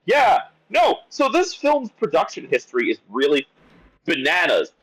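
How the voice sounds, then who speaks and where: A man on a casual podcast, picking apart a film with mounting exasperation. His pitch leaps around lively as he restarts sentences mid-thought. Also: a little slow, husky, low-quality recording. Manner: animated, exasperated rant with many restarts. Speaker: podcast movie critic.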